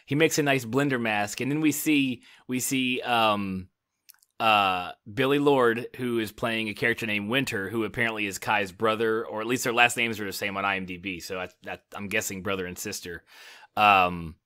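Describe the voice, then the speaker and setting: An American man co-hosting a podcast, recapping a TV episode in casual chat and acting out characters' lines with animated, laughing energy. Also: lowish voice, normal speed. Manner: animated, laughing, quotes characters in raised voices. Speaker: podcast co-host.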